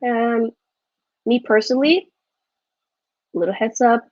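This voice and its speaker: A woman's voice: a little high, slow pace, darkish tone, no room sound, dull audio. A woman hosting a live football watchalong, chatting casually and rambling, often correcting herself mid-sentence. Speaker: football vlogger host.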